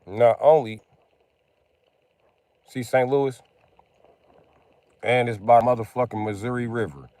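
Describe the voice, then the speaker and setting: A man's voice: mid-range voice, a little mellow, dry recording. A man streaming gameplay, chatting casually and rambling with lots of profanity. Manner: profane, rambling, tosses in "you know what I mean".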